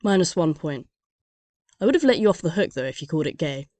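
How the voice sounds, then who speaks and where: Woman narrator for comedy animation, sardonic and deadpan, lowish mellow voice, close dry mic. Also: fast talker, no echo.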